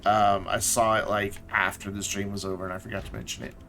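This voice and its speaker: A man's voice: fairly low pitch, level tone, quick pace, bright, forceful tone, slight background noise. A man casually commenting while he plays a game on a live stream, thinking aloud and chatting to the things on his screen. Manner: chatty, talks to himself and to objects in the game; mumbles and repeats himself while thinking aloud.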